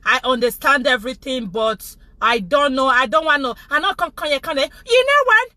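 A middle-aged Nigerian woman speaking Pidgin-tinged English, hosting a casual live chat with her viewers in an animated, repetitive way. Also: high-pitched, brisk, no echo. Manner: animated, repetitive, laughing often. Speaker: vlogger, show host.

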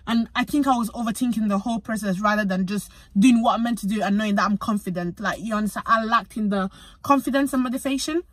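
A young British woman, a physician associate student, telling a story in a chatty, animated vlog. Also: medium pitch, fast, dry recording. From United Kingdom. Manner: chatty and animated, acts out conversations.

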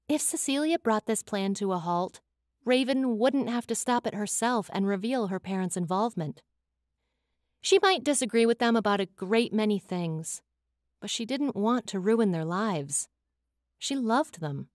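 A woman narrating a fantasy audiobook in an expressive, dramatic reading, close to a studio mic. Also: mid-range voice, normal speed, no echo.

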